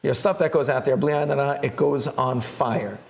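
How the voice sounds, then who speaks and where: A man hosting a live interview, talking in an animated way and acting out stories. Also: moderate pace, gravelly, echoey room. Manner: animated, acts out stories in high voices. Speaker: host.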